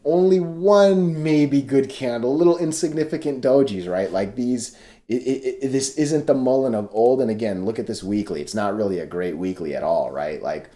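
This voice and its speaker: A man's voice: medium pitch, lively intonation, normal speed, dark tone. A man giving casual stock chart commentary, loose and chatty, often checking in with "right?" and restarting his sentences.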